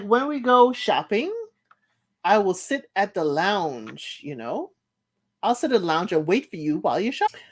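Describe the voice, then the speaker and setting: Woman doing a chatty reality tv recap, voice jumps all over, keeps laughing. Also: mid-range voice. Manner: animated, laughs, mimics cast members' quotes. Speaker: reality show recap host. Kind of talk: casual commentary recap.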